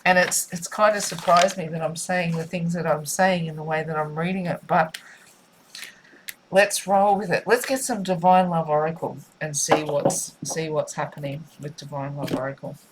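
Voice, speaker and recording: A woman's voice: sits low, steady tone, moderate pace, noisy background. A woman giving a spiritual tarot reading, musing and repetitive in a soothing way. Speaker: tarot reader.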